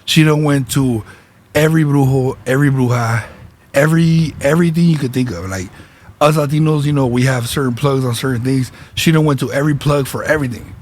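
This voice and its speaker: A man's voice: mid-range voice, fairly quick, darkish tone, slight background noise. A man hosting a podcast, telling a casual story in slangy speech with Spanish words dropped in. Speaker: podcast host and spiritual reader.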